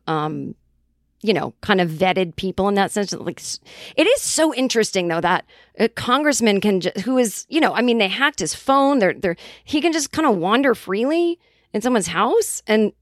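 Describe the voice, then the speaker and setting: A woman's voice: medium pitch, no room sound, clean studio sound. A middle-aged woman from the Boston area, hosting a podcast and telling a rambling, casual story, swearing freely. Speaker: podcast host.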